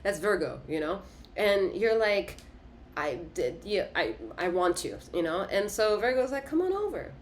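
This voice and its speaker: A woman's voice: mid-range voice, animated, unhurried, a little hiss or hum. A woman giving a casual tarot reading in an emphatic, repetitive way, swearing and laughing often. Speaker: tarot reader.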